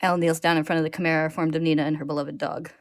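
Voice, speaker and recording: A woman host narrating a story recap in a steady, clear manner. Her voice sits on the lower side for a woman. The recording is dry and close, with no room echo. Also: very fast. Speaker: podcast host retelling an anime episode.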